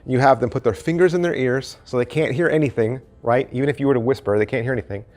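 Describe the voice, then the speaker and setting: Speaking to camera at medium pitch and a fast pace, a middle-aged man who hosts a channel gives a casual, animated review of a magic trick. He repeats phrases for emphasis.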